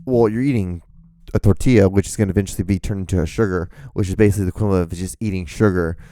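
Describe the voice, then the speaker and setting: A man with a low, dark voice talks rapid-fire, recorded in clean studio quality with no echo. Hosting a casual solo podcast indoors while rain falls outside, he rambles, swears, and mocks himself, speaking into a microphone with earphones on.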